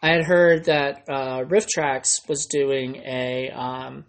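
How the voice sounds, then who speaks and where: A man's voice: medium pitch, flat delivery, slow, slight background noise. Male podcast host, casual chatter, rambling storyteller, mid-range voice. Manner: rambling, filler-heavy storyteller. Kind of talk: casual chat.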